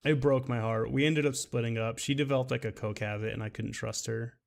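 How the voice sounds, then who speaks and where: A man chats casually while he plays a game, drifting from one anecdote to the next. His voice has a gravelly, fry-laden edge at a middling pitch. He stumbles and restarts often, and chuckles at his own stories. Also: steady tone, a little fast. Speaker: game streamer. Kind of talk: casual storytelling while gaming.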